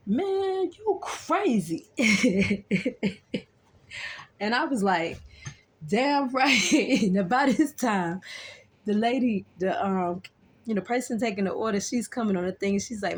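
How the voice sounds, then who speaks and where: A young woman with a mid-range voice tells a personal story in a chatty, colloquial way. She often checks in with "you know what I'm saying."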